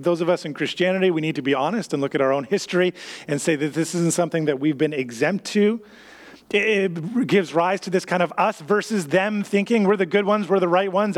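A man's voice: high voice, brisk. A man preaching a sermon in an earnest way, reading scripture aloud, with some restarts. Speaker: pastor.

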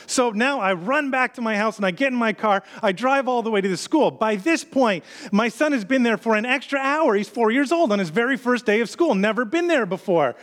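A man in his thirties, a pastor, telling a personal story in a conversational sermon style and building tension with quick repeated phrases. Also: very high voice, lively intonation, a bit bright. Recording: long hall reverb.

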